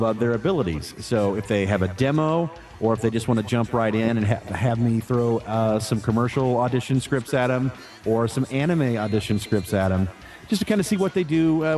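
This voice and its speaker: This voice actor, a man with a mid-range voice, answers interview questions in a relaxed, chatty way, often using fillers and restarting his sentences.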